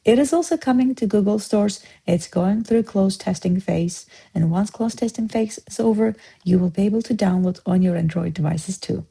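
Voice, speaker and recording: A woman teaching a word-of-the-day language lesson, explaining slowly and repeating words for learners. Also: mid-range voice, gravelly, mellow, husky, low-quality recording. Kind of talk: vocabulary lesson.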